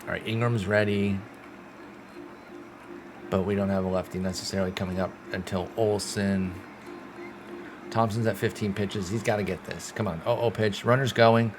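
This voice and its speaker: A man giving casual play-by-play commentary while playing a baseball game, excitable and swearing when things go wrong. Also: fairly low pitch, moderate pace, pauses often, over music. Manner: excitable, swears when frustrated, talks to himself. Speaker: gaming channel host.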